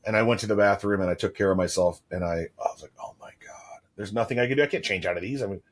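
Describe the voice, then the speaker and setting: A man's voice: fairly low pitch, racing. A man in his thirties co-hosting a casual podcast, telling stories in a rambling, playful way. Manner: rambling storyteller, playful asides. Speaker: podcast co-host. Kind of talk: casual chat.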